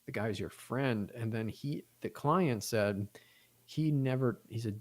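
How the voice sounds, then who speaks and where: A man's voice: on the low side, moderate pace. A young adult man casually telling a long, profane story on a podcast, acting out the people he quotes. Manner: rambling, profane, animated retelling with quoted voices. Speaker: podcast co-host.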